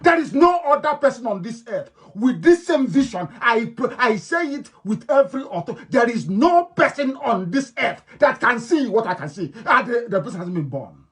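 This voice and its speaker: A man with an Igbo-influenced Nigerian accent, a native Igbo speaker, gives an impassioned radio address to his followers. He is emphatic and repetitive, swinging between loud declarations and low, intense tones. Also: very animated, normal speed, hardly any pauses. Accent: Nigerian, Igbo-influenced English. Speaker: political leader broadcasting to followers.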